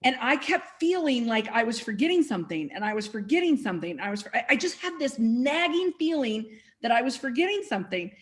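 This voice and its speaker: A woman co-host telling a personal story in a casual, animated way. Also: fairly high pitch, brisk, few pauses. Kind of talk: casual chat.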